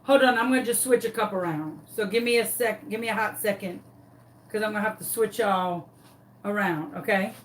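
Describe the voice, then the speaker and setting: A woman, hosting a craft tutorial and telling a story to her viewers in a dramatic, animated, casual way. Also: medium pitch, a little fast, slight background noise.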